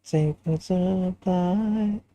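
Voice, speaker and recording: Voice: mid-range voice, very slow, warm tone. A livestreamer chatting casually while designing a character, thinking aloud and answering chat in a musing way.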